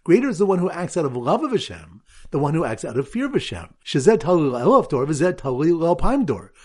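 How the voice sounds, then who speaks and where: A man's voice: fairly high pitch, sing-song, a little fast, darkish tone, breathy edge. A man, a rabbi, teaching a Talmud lesson with memory aids and a quiz, reading Aramaic in a sing-song lilt.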